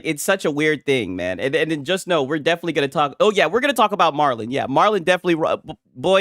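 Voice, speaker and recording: A man's voice: a little high, a bit bright, dry recording, studio quality. A man hosting casual gaming commentary from a home setup, talking in a profane, mocking way and laughing often.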